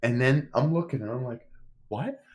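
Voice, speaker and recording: A podcast co-host with a fairly low voice tells a friend a story in relaxed chat, moving at a moderate pace. He's animated and conversational, swearing casually and acting out what people said.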